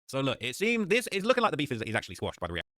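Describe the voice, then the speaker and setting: A man hosting a podcast, recapping clips in fast, animated commentary and dropping "okay" and "so look" between points. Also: medium pitch, no echo.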